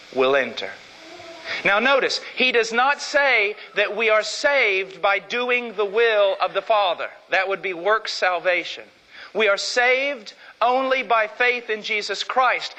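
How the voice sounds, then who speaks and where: Middle-aged male preacher, emphatic and dramatic, bright cutting tone, church reverb. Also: sits high. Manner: emphatic, dramatic swings between loud and hushed. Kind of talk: sermon. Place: church sanctuary.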